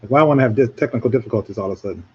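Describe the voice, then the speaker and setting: A man's voice: medium pitch, very fast, slightly rough, dull audio. A man hosting a talk radio show in casual chat, rambling with many restarts.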